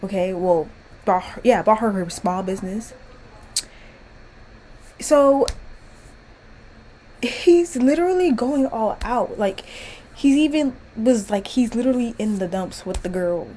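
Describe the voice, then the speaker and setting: Animated, exasperated woman ranting casually. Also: mid-range voice, a little slow, pauses often, a little hiss or hum, rough recording. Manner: animated, profane, exasperated, laughing often. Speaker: vlogger ranting about a TV series. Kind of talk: casual rant to camera.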